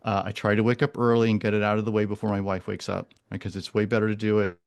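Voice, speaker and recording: A man's voice: lowish voice, little pitch movement, fast talker, creaky. A man in his forties, a podcast guest talking casually and earnestly, often restarting and repeating words. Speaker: guest, animal communicator.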